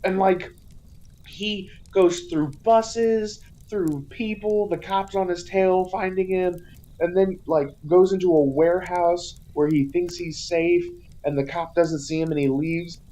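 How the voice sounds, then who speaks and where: A woman's voice: on the low side, fairly even intonation, unhurried, warm tone, rough recording. A woman co-hosting a podcast, casually recapping a film, often saying "like" and swearing freely. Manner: swears freely, peppers talk with "like". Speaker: podcast co-host. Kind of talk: casual movie recap chat.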